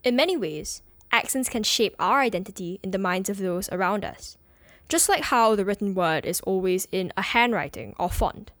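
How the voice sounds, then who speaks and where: Woman, podcast co-host, calm explanatory narration, dry close sound. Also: mid-range voice, normal speed, dry recording.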